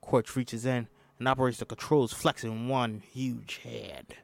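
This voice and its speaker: Brief: casual male script reader, mid pitch, dry close mic. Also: steady tone, measured pace, creaky, dry recording. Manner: reads plainly, breaks off with joking asides. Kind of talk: casual script read-through with asides.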